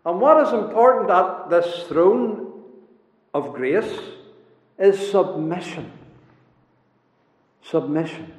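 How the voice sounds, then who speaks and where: A man preaching a sermon to a congregation, emphatic, with dramatic swings between quiet and loud passages. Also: high-pitched, animated, takes it slowly, long pauses. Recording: echoey hall, dull lo-fi sound.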